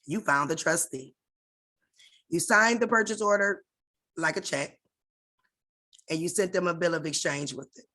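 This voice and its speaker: A woman's voice: on the low side, moderate pace, long pauses, sharp tone. A woman leading an online class over a video call, in a casual and direct instructional tone that addresses her listeners familiarly.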